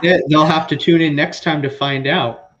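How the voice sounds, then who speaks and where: A man's voice: fairly high pitch, fairly even intonation, normal speed, a bit bright, highs cut off. A man co-hosting a casual video-call chat, agreeable and encouraging.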